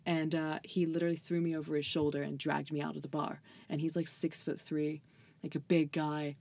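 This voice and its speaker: A woman's voice: low-pitched, little pitch movement, fairly quick, vocal fry, a little mellow, dry recording. Chatty young woman, endless "like"s. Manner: filler-heavy storytelling, says "like" constantly, swears, laughs often. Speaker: guest. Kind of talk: casual chat.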